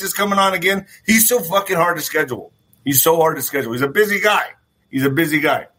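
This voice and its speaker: Male host, rambling monologue, bright ringing tone, slightly high voice, repeats himself. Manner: rambling, repeats phrases, swears. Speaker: show host. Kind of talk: casual commentary monologue.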